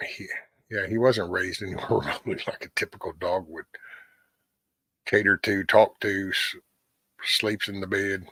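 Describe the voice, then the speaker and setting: Low-voiced middle-aged man chatting casually. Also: fairly even intonation, normal speed, long pauses, sharp tone, no echo. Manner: rambling, folksy, swears casually. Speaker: host of a morning livestream. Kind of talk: casual morning chat with viewers.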